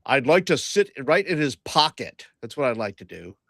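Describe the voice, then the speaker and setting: A man playing a tabletop game, thinking out loud and hesitating as he plans his moves. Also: mid-range voice, sing-song, normal speed, vocal fry, no room sound, studio quality. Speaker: player. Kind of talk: tabletop role-play as a player.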